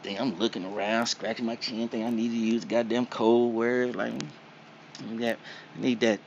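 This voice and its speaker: Man, mid pitch, casual interviewee, slangy and profane with a punchy beat; dull lo-fi sound with faint noise behind. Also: little pitch movement, normal speed, gravelly. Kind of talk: casual storytelling.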